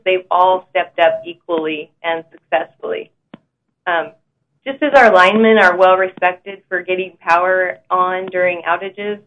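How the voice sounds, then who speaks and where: A woman manager giving prepared remarks at a utility board meeting, steady and filling pauses with frequent ums. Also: lowish voice. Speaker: customer service manager. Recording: phone-like audio from a remote meeting.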